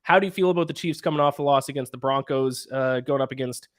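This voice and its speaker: A man's voice: mid-range voice, fast talker. A man with a Canadian accent hosting a casual sports podcast, reeling off schedules and betting odds in an analytical way. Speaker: podcast host.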